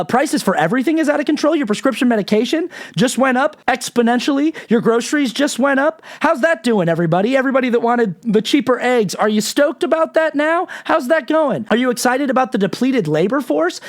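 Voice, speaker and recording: Fired-up man ranting, high voice. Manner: angry, profane, worked up. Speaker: political commentator. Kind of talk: ranting monologue.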